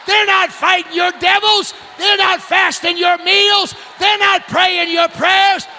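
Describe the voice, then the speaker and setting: A man preaching a fiery revival sermon, shouting and whooping in a folksy, rousing way. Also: very high-pitched, little pitch movement, slow, gravelly, a faint crowd. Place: church sanctuary.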